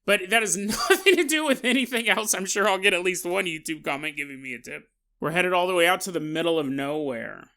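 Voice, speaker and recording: Bright-voiced joking podcast host. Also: male voice, high voice, a little fast, clear, resonant tone. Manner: joking, animated, laughing asides. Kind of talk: comedic storytelling.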